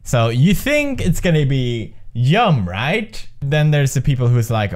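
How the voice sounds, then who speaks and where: A young man giving let's play commentary on a quiz game, excitable and profane, often laughing and yelling at the screen. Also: mid-range voice, measured pace, hardly any pauses. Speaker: gaming video host.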